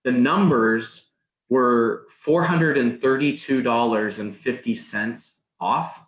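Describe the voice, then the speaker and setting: A man's voice: medium pitch, slow. A man guest on a podcast, telling a story casually, rambling, with many restarts and "like"s. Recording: roomy, dull sound.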